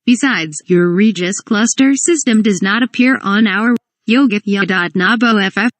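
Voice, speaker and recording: A woman's voice: mid-range voice, normal speed, dry recording. Woman reading a parody script, dry sound. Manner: reads stage directions and dialogue, spells out letters.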